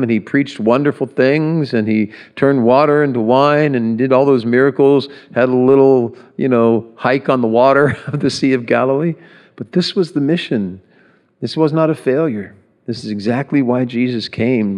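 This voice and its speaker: A male pastor praying and preaching a conversational sermon before communion, earnest, with pauses and restarts. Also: medium pitch, darkish tone. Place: large church hall. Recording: echoey hall reverb.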